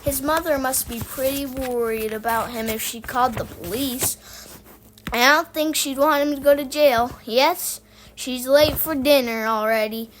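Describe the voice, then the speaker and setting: A kindly police driver, read by a woman, speaks in an easygoing, reassuring way. His voice is high in this storybook reading. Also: unhurried, a little hiss or hum.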